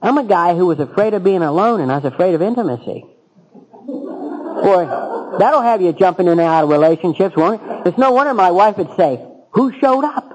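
A man's voice: high voice, expressive, brisk, darkish tone, poor audio. A man telling his own recovery story at a meeting, in a wry, self-mocking, humorous storytelling manner. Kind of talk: humorous personal storytelling talk.

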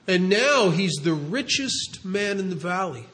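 High-voiced earnest man telling a story. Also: big pitch swings, a little slow, fairly bright tone. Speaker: speaker at a recovery meeting. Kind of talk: storytelling talk.

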